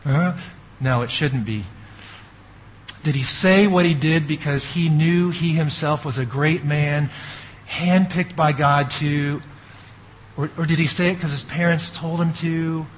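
A man preaching a sermon as a pastor, telling an animated story with asides to the audience. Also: fairly high pitch, unhurried, slight background noise, low-quality recording.

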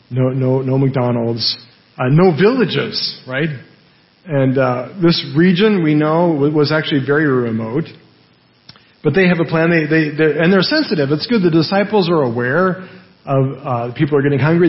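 A man's voice: a little high, highs cut off. A man preaching a sermon in a conversational way, often asking rhetorical questions and tagging lines with "right?". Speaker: pastor.

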